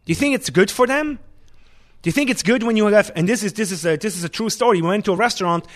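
A man, a restaurant chef and owner, talking in an animated, emphatic way in a casual interview. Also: high-pitched, fast.

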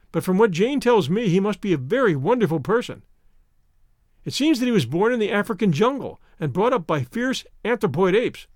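A man's voice: sits high, no echo, clean studio sound. A man putting on an eager, chatty young woman. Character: young woman, bright and outspoken.

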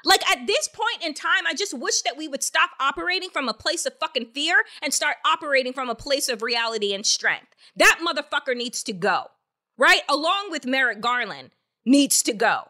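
A woman's voice: sits high, lively intonation, normal speed, bright, forceful tone. A woman hosting a political podcast, delivering angry, emphatic commentary with heavy swearing and rhetorical questions. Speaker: podcast host. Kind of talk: opinionated political commentary with profanity.

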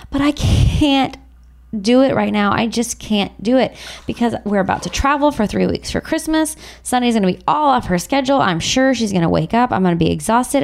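A woman's voice: a little high, darkish tone. A woman in her thirties, a podcast host, talking through her week in a rambling, repetitive, heartfelt monologue. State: tearful. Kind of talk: emotional personal monologue.

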